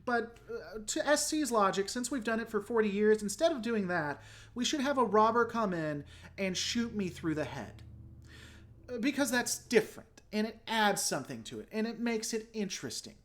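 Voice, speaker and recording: Speaking in a middle register at normal speed, a host reacts to a trailer and answers viewer comments in a casual, expressive way. He's frank and openly critical, rambling and often restarting sentences partway through.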